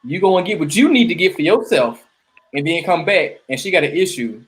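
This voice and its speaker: A man with a slightly raised voice hosts a relaxed group chat over a video call. He rambles a little, restarting his sentences as he lays out the topic. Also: on the high side, a little fast, a little hiss or hum. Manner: laid-back, rambling with fillers and restarts. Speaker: podcast host.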